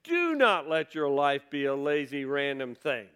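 A man's voice: fairly high pitch, sing-song, a little slow, a bit bright, clear, resonant tone. A man preaching a sermon in a conversational way, reading scripture aloud and asking his listeners rhetorical questions. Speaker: pastor.

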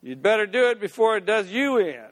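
A man's voice: high voice, very animated, fairly quick. A man voicing a blunt, practical man who gives firm, matter-of-fact advice. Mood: stern. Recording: long hall reverb.

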